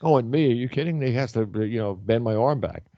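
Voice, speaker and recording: A man's voice: mid-range voice, lively intonation, fast talker, no echo, muffled recording. A man in his sixties hosting a talk show, chatting casually in a rambling way, repeating words and trailing off. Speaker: host.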